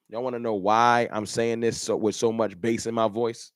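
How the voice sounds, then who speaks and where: A man's voice: medium pitch, steady tone, moderate pace, no echo, studio quality. A man hosting a fan channel livestream, ranting in an emphatic, repetitive, slangy way. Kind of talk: livestream rant.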